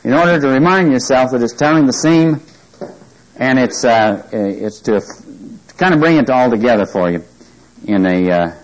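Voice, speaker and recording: A man's voice: medium pitch, animated, moderate pace, poor audio. A man teaching a Bible study, reading scripture aloud with emphasis and often checking whether listeners follow him. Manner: asks the listeners questions often.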